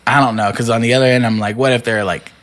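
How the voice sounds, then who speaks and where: A man's voice: medium pitch, steady tone, fast talker, fairly bright tone. A man on a podcast telling a long story in casual chat, full of "like" and "you know what I mean".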